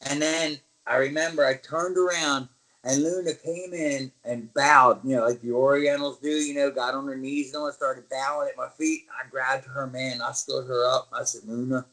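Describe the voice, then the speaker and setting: A man's voice: mid-range voice, moderate pace, rough recording. A man being interviewed, telling stories casually and acting out other people's lines, with the odd swear word. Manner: animated storyteller who acts out other people's lines. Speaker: interview guest, former wrestler.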